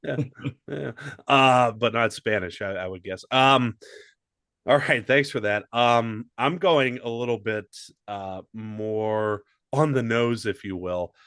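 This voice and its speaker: A man's voice: medium pitch, slow pace, fairly bright tone, clean tone, no echo. A man co-hosting a casual comedy sports podcast, wry and casually profane. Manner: dry, wry, swears casually. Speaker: podcast co-host.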